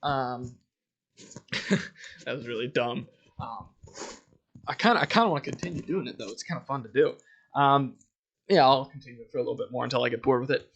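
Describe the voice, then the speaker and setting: A man's voice: mid-range voice, a little fast, long pauses, fairly bright tone, slightly rough. A young adult man hosting his own podcast, telling a long rambling story in a casual, profane, self-amused way. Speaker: podcast host.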